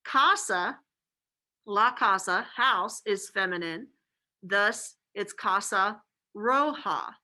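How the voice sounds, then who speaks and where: Woman teacher, fairly high and bright voice, casual filler-heavy lecturing. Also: poor audio. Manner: casual and chatty, many fillers like "like" and "okay". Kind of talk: classroom lecture.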